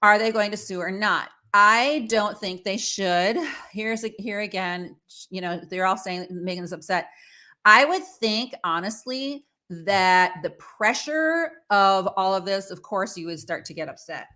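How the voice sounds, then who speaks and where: A woman's voice: mid-range voice, unhurried, pushed and bright. A woman hosting her own show, giving casual, opinionated commentary on celebrity news with lots of fillers and asides. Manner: chatty and opinionated, with many fillers. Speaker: host.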